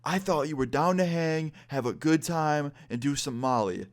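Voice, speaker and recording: A man's voice: a little high, moderate pace, pitched above the performer's own voice, close to an everyday voice. A man putting on a brash bro-talking party guy. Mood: smug. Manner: slangy, bro-talking, pushy. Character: brash young male party guy in a tent.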